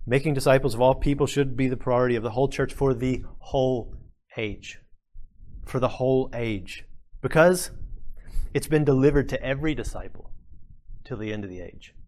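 A man's voice: mid-range voice, moderate pace, a little mellow. Earnest man preaching a sermon. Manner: earnest, emphatic preaching with repeated phrases. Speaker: pastor.

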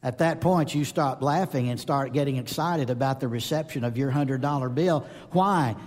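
A man preaching a sermon to a live congregation, telling lively stories and acting out the voices of the people in them. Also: medium pitch, moderate pace. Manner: animated storytelling, acts out voices in anecdotes. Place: church or conference hall. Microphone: speaking to a live audience. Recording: long reverb of a large hall.

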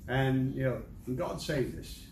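A man's voice: medium pitch, measured pace, creaky, darkish tone. An older American man giving a rambling, humorous church testimony as a missionary, with many restarts and chuckles. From United States. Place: large church hall. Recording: echoey hall, distant mic, ambient noise.

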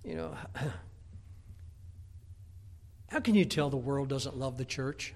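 A middle-aged man, a Baptist pastor, preaching a folksy, emphatic sermon, often stumbling over repeated words and breaking into shouts. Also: medium pitch, lively intonation, slow. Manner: repeats words when starting a thought.

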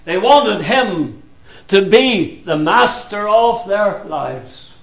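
A man preaching a sermon in a slow, deliberate way, with sudden drops to a hushed voice. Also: high-pitched, expressive, gravelly.

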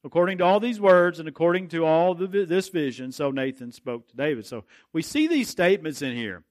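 A man teaching a Bible study lesson, reading scripture slowly and emphatically and then explaining it in plain talk. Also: fairly high pitch, lively intonation, darkish tone.

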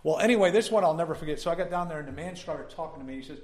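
A man's voice: a little high, rapid-fire, a little mellow. A male pastor delivering a sermon, telling a personal story in a folksy way and building up to emphatic preaching.

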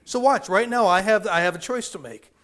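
A man's voice: high voice, fairly quick, a bit bright. A man preaching a sermon in a folksy way, repeating phrases and using many fillers. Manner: calls people up for a live demonstration.

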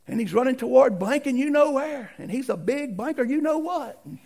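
Middle-aged preacher, husky rasp, acts out every voice. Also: male voice, very high-pitched, fairly quick. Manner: animated, acts out voices in stories. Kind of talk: folksy storytelling sermon.

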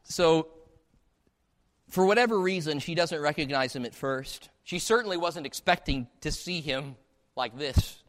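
Male pastor, slightly high voice, animated sermon storyteller. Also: unhurried. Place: church sanctuary. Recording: long hall reverb.

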